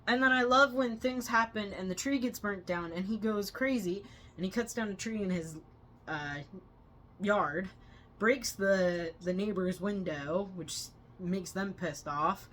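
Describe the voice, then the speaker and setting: A woman co-hosting a movie review channel, retelling scenes with loud excited quotes. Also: mid-range voice, unhurried, a little hiss or hum. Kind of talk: casual movie review chat.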